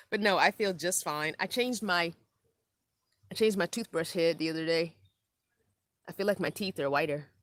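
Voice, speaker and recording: Speaking in a lowish voice, unhurried and with long pauses, a middle-aged woman hosts a casual van-life live stream in a dry recording. She's weary from lack of sleep, and she rambles in a relaxed way while reading comments from her viewers.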